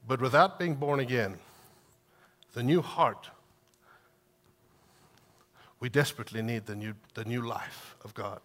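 A man preaching a sermon, lively and animated, acting out quotes from scripture. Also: medium pitch, normal speed. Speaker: pastor.

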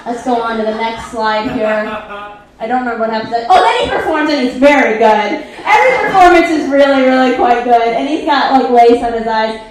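A woman's voice: a little high, fairly quick, a crowd in the background. A woman doing live stand-up, recapping a movie over slides with sarcastic, profane asides. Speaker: comedian presenting slides. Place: live comedy venue. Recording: very echoey live room.

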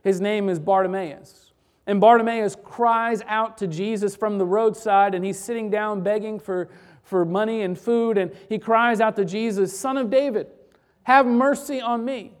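A pastor preaching a sermon who swings between loud emphatic bursts and quiet, hushed passages. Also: mid-range voice, fairly even intonation, normal speed.

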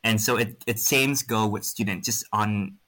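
A man's voice: fairly low pitch, fairly even intonation, moderate pace, sharp tone. A young Vietnamese man with an American-influenced accent, a native Vietnamese speaker, answering interview questions frankly with many fillers. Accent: American-influenced English, Vietnamese speaker.

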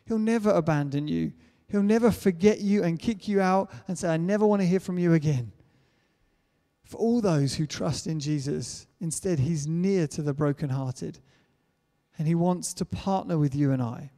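A man's voice: a little high, normal speed, dark tone. A man preaching a sermon in an earnest way, building to emphatic declarations. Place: church hall. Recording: church hall reverb.

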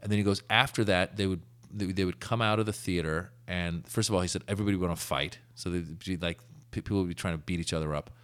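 A man hosting a podcast, telling stories in an animated, casual way with frequent restarts. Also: low-pitched, fast talker, few pauses. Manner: animated storyteller, many restarts. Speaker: podcast host. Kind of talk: casual conversation.

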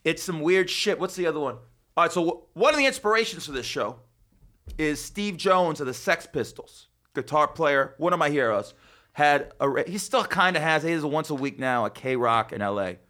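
A man hosting a casual, profane podcast with a bright, forceful voice that sits a little high. His pitch leaps around as he jokes, from sharp excited peaks down to low mutters. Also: moderate pace. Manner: loud, joking, profane, with swings from high to low. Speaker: podcast host.

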